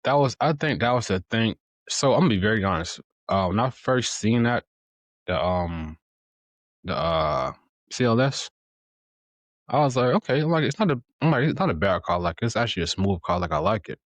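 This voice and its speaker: A man hosting a casual chat, relaxed, repeating words and quoting himself as he tells a story. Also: on the low side, moderate pace, no room sound. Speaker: podcast host.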